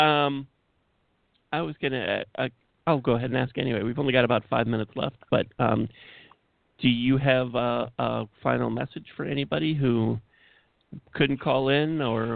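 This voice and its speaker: A man's voice: mid-range voice, fairly even intonation, normal speed, creaky, no echo. A man co-hosting a casual radio talk show, easygoing with dry humor and hesitant ums. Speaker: co-host. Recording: dry, tinny phone line.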